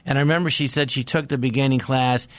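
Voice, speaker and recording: A man's voice: medium pitch, fairly even intonation, fast, no room sound. A man speaking as a comedy guest in a casual chat, repeating himself and restarting often.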